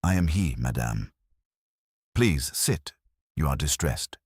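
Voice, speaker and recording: A man doing a shrewd, fastidious old detective from a storybook mystery, with very deep, husky speech. His lines are precise and courteous, sprinkled with French phrases, and they move with lively turns of pitch in a dry, close sound. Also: no room sound, full character voice. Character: fastidious older male Belgian detective, shrewd.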